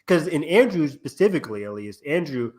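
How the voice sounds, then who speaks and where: A man co-hosting a casual movie review podcast, talking in an animated way with lots of filler "like". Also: on the high side, a little fast. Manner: animated, piles on "like", full of fan enthusiasm. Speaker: podcast co-host.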